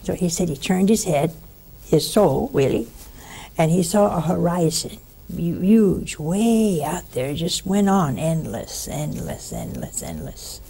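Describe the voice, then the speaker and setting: A woman giving a conversational spiritual teaching, telling stories with lively asides to her listeners. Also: on the low side, measured pace, husky.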